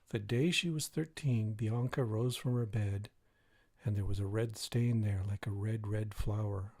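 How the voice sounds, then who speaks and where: A man reading a dark fairy tale aloud in a measured, even way. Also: lowish voice, no room sound. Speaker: reader. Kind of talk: storybook reading.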